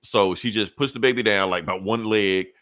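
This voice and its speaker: Low-voiced man recapping a comic. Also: fairly quick, fairly bright tone, no echo, clean studio sound. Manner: loose, profane storytelling with frequent laughs. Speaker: podcast co-host. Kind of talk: casual comic book recap.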